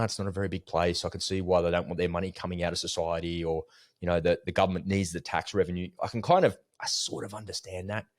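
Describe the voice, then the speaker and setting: Male podcast co-host, low voice, animated storyteller, dry close sound. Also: no echo. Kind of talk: casual podcast chat.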